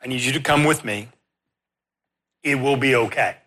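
A man voicing a kind young woman at a border post in a calm, soothing way. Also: mid-range voice, moderate pace, lightly acted. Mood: reassuring. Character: kind young female border official, reassuring.

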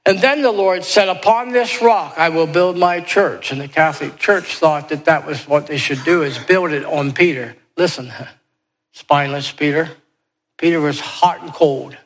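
A man delivering a sermon in a slightly high voice. He is emphatic and repeats his key phrases, building to urgent exhortation. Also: moderate pace. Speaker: preacher.

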